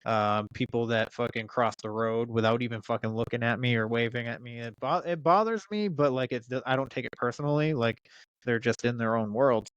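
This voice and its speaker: A man's voice: mid-range voice, brisk, clear, resonant tone, dry recording, lo-fi sound. A man in his thirties telling a story in casual chat, swearing freely and restarting his sentences with many fillers. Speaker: podcast guest.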